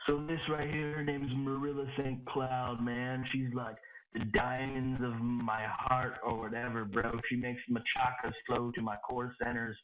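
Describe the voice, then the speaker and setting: A man's voice: mid-range voice, flat delivery, normal speed, natural voice. Man doing a spaced-out hipster barman, drawling slacker talk, dull lo-fi audio. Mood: spacey. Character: stoned hipster barman, male, spacey and dreamy.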